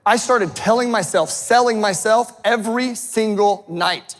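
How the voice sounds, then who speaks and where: Speaking a little slowly in a voice that sits high, a man delivers an intense motivational speech to a live audience. He swears and keeps calling people "man," and the sound is big-room.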